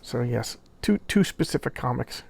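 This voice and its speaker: A man reviewing a comic book in a casual video, speaking haltingly, often repeating words, and openly moved by the pages. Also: mid-range voice, lively intonation, creaky, breathy edge.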